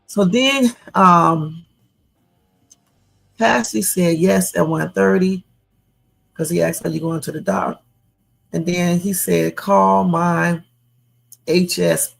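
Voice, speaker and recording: A man hosting a livestream, reading text messages aloud and reacting to them with slow, musing asides. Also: on the high side, gravelly, slightly rough. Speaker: livestream host.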